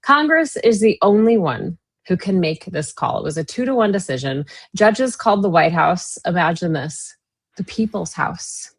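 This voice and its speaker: A woman's voice: on the low side, expressive, moderate pace. Wry chatty Minnesotan woman co-host. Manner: chatty, wry, sarcastic asides. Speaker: guest co-host. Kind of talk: casual political chat.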